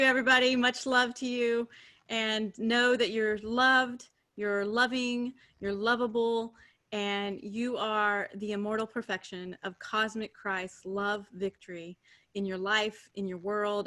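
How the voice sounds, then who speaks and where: A woman co-hosting a spiritual group call, speaking in a soft, affirming way with many fillers. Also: medium pitch, flat delivery, a little slow. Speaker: co-host.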